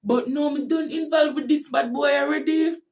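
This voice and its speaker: Jamaican woman, storytelling, animated, loud bursts, a bit far from the mic. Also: high voice, normal speed. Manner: animated, bursts into shouting at dramatic moments. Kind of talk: casual storytelling.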